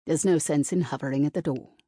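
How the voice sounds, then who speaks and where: Woman doing a curt, stern middle-aged professor lady, mellow, husky, dry. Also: deep voice, fast, no echo. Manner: curt and dismissive.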